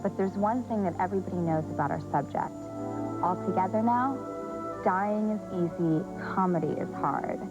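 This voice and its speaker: A woman host delivering scripted TV narration in a measured, poised way. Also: lowish voice. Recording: dull broadcast audio with music.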